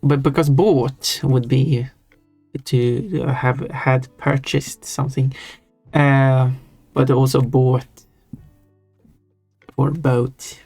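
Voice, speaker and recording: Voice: medium pitch, fairly even intonation, drawn-out words, long pauses, warm tone, husky, no room sound. A live streamer chatting casually while drawing, musing in a rambling, self-deprecating way. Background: faint chill background music.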